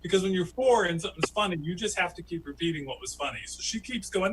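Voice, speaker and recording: A man doing a stand-up comedy story who laughs at his own tale and jumps into high, squeaky voices for the people he quotes. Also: animated, quick pace, hardly any pauses, fairly bright tone, slight background noise, rough recording. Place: home, virtual show.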